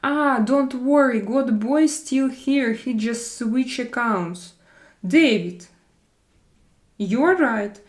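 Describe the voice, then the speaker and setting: A woman with a Russian accent chatting casually on a live stream, halting and hesitant, often restarting with fillers. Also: fairly high pitch. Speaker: livestream host reading chat.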